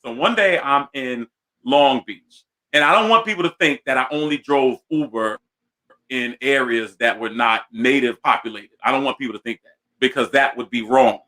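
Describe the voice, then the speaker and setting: Bright-voiced man telling a comic story. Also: medium pitch, normal speed. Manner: animated, self-mocking storyteller. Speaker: host. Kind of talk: comic storytelling on a talk show.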